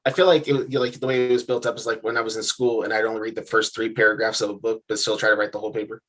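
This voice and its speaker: A man's voice: fairly low pitch, completely flat delivery, a bit bright. Easygoing joking man co-hosting. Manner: easygoing, quick joking asides. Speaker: co-host. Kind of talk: casual review chat.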